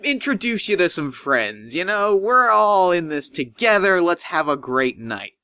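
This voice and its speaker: A man voicing a short, stout, overfriendly male doctor who gushes with excitement. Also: high-pitched, a little slow, clear, resonant tone, dry recording, pitched above the performer's own voice, full character voice. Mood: evasive. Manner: gushing, excitable.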